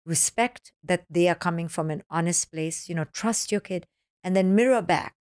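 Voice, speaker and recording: Animated woman with a low voice, dry sound. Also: moderate pace, clear, resonant tone, dry recording. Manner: animated, acts out children's voices in quotes; explains with acronyms. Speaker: parenting author, podcast guest. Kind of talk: podcast interview.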